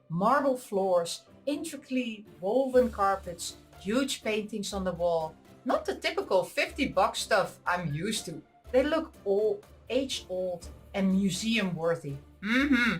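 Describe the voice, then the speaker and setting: A woman reading a visual novel aloud, with giggly, excitable asides between the lines. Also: mid-range voice. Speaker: visual novel let's player. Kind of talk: reading a game aloud with reactions.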